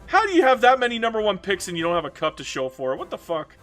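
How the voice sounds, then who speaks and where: High-voiced Canadian man ranting casually. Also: huge pitch swings, quick pace, fairly bright tone, soft background music. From Alberta, Canada. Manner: ranting, profane, laughs between jabs. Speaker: strategy game streamer. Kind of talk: casual livestream chat.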